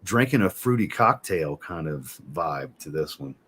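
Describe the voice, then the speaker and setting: A man with a low, slightly husky voice hosts a casual livestream. He talks in an easygoing way, reading out chat comments and musing over scents. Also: sing-song, measured pace, fairly bright tone. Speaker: livestream host and fragrance reviewer.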